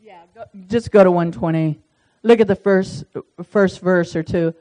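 A woman's voice: mid-range voice, normal speed, poor audio. Folksy, chatty woman leading a Bible study. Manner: folksy, animated, chatty, reading scripture aloud. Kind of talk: casual Bible study teaching.

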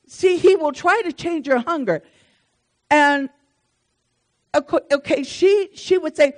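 Woman preaching a lively, folksy sermon. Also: high-pitched. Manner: lively, conversational preaching with repetition and humor.

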